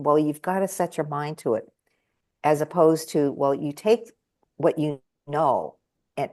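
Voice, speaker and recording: Woman guest, a touch low in pitch, animated storyteller who acts out her quotes. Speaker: guest speaker and trainer. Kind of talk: conversational storytelling.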